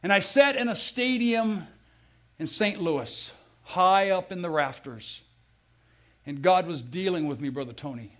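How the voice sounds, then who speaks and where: A middle-aged American man preaching a sermon, telling stories with feeling and swinging from loud to hushed. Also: high voice, a little slow. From United States. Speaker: pastor.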